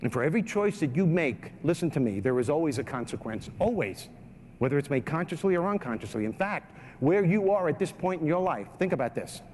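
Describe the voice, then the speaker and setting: Punchy, high-voiced New keynote speaker. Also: male voice, big pitch swings, a little fast, darkish tone, a little hiss or hum. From New York. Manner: emphatic, repetitive, punchy. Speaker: motivational speaker and comedian. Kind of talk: comedic keynote speech. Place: large hall with a live audience. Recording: reverberant hall.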